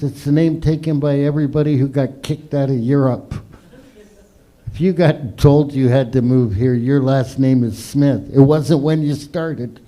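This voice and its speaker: A man hosting a live open mic comedy night, with crude, loud and swearing banter between acts. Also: medium pitch. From Canada.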